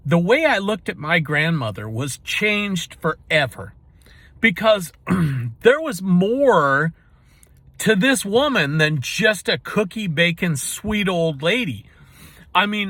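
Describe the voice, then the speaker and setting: A man with a fairly high, very animated voice tells a personal story in a relaxed, folksy ramble. He keeps dropping in casual asides, and the sound is close and dry, with no room around it. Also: a little slow, no room sound. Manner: folksy and rambling, full of "you know" asides. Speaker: storyteller and channel host.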